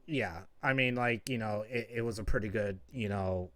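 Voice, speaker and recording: A man's voice: fairly low pitch, moderate pace, a bit bright, dry recording, studio quality. A man hosting a stream in casual chat, laid-back and loose, swearing freely. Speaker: stream host.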